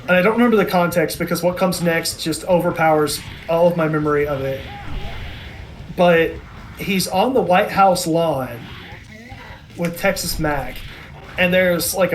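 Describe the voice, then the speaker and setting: A man's voice: on the high side, normal speed, a little hiss or hum. A man in his thirties, a podcast co-host in casual chat, enthusiastic and rambling with many restarts. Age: 30s.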